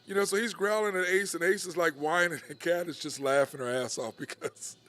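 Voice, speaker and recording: Chatty man, slightly high voice. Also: fairly even intonation, fairly quick, fairly bright tone. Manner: laid-back storytelling, laughs a lot. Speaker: podcast host. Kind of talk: casual chat. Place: bar.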